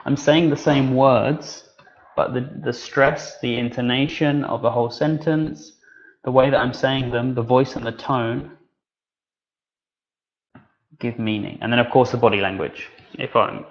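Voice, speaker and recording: A male presenter leads an online training for teachers, his middle-pitched voice coming through a somewhat dull webinar feed. Relaxed and conversational, he keeps filling pauses and starting sentences over.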